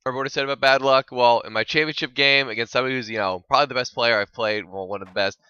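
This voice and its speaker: A man's voice: medium pitch, very fast, sharp tone, clear, resonant tone, dry recording, lo-fi sound. A man giving rambling, exasperated, self-mocking commentary over his own gameplay footage. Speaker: gaming channel host.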